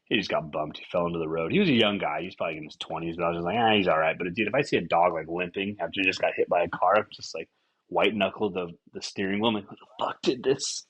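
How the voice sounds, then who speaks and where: A husky young man with a lowish voice riffs on whatever comes to mind, swearing freely and jumping into little acted-out lines. The sound is slightly dull and lo-fi. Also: quick pace. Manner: rambling, profane, animated with acted-out quotes. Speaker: podcast host. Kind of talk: casual comedic monologue.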